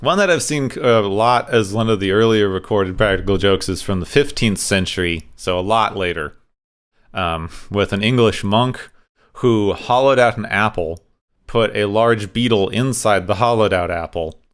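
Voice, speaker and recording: A man co-hosts a casual podcast, sharing bits of trivia in an easygoing way. His voice sits on the low side. It sounds smooth and clear. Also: normal speed. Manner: relaxed, recounts trivia with fillers. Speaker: podcast co-host.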